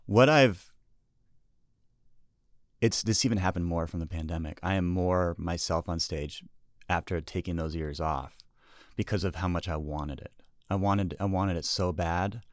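A low-voiced American man talks shop as a stand-up comedian, rambling and restarting as he goes. His voice is smooth and resonant, recorded close and dry with no room sound. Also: unhurried, long pauses, no echo. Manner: rambling, self-interrupting, earnest. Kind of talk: casual podcast chat.

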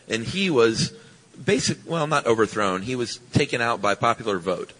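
A man co-hosting a podcast live on stage, telling history in a relaxed way and chuckling often. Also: medium pitch, normal speed. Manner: laid-back storytelling, chuckling often. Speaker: podcast co-host. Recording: long reverb from a live stage hall.

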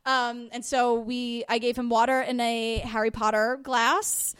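A woman guest on a podcast, gushing and animated as she retells a story in casual chat. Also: on the high side, measured pace, smooth, no echo, clean studio sound.

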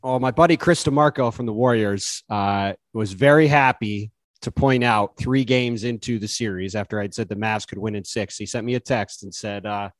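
A man's voice: fairly low pitch, normal speed, few pauses, no echo. Wry male sports reporter. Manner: wry, teasing. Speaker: podcast co-host, reporter. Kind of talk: casual sports chat.

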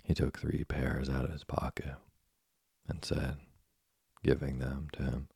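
A man reading a storybook aloud as narrator, with a gravelly, husky voice and a steady delivery. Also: a bass voice, unhurried, no room sound. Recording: dry close studio sound.

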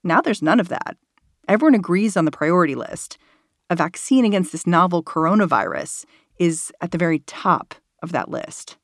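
A woman hosting a news podcast, narrating in a measured, conversational way and asking interview questions. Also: on the low side, animated, no room sound, clean studio sound. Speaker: podcast host.

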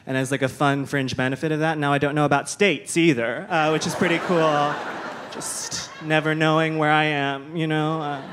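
A man's voice: on the high side, level tone, moderate pace, noisy background. A young man performing a stand-up comedy set, chatty and self-deprecating. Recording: comedy club with laughing crowd. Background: audience laughter.

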